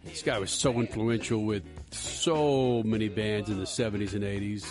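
A man's voice: lowish voice, fairly even intonation, normal speed, over loud music. A man co-hosting a radio show, rambling through stories in casual on-air chat and laughing often.

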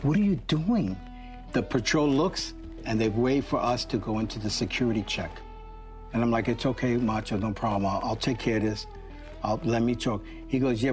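A male radio talk show host telling stories casually, acting out quotes with animation. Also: medium pitch.

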